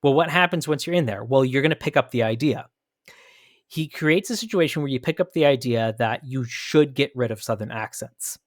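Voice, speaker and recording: A man's voice: medium pitch, brisk, dry recording, clean studio sound. An American man hosting a commentary podcast, arguing his points emphatically and thinking aloud with frequent restarts. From United States. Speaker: podcast host.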